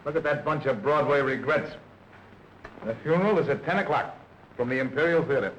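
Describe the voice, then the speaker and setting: Actor doing a glum broke stage producer, dry and resigned, muffled old movie audio. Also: male voice, medium pitch, brisk, fairly bright tone, a little hiss or hum, lightly acted. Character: glum theater producer, down on his luck. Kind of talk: 1930s film dialogue. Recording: dull old film soundtrack.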